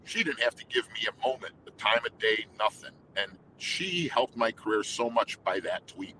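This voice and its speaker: A man's voice: fairly low pitch, lively intonation, normal speed, bright, forceful tone, slight background noise, poor audio. A man, a singer being interviewed, talking openly and emotionally in rambling sentences with many restarts. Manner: emotional, rambling with restarts and quoted inner dialogue. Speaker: guest, anthem singer. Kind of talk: candid interview storytelling.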